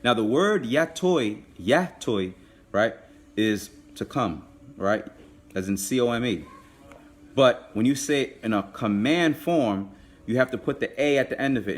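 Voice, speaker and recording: Guy teaching a live language class online, mid-pitched voice, goes slow and repeats stuff. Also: expressive. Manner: patient, repeats phrases slowly.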